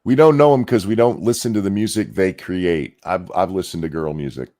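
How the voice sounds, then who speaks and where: A man's voice: deep voice, brisk, dark tone. A man hosting a podcast, ranting in casual, mocking, sarcastic commentary. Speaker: podcast host.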